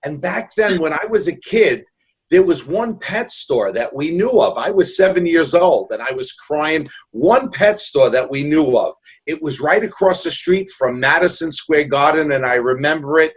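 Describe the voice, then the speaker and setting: A man in his sixties from New York City, a guest in a casual interview, tells stories with earnest humor, rambling and restarting often. His voice is a little high and slightly rough, with lively intonation at normal speed.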